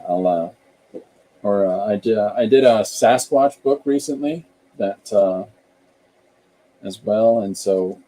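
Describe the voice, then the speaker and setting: A man's voice: fairly low pitch, dark tone, breathy edge, rough recording. A middle-aged man from Canada, a podcast host and author, chatting casually and thinking aloud with frequent restarts.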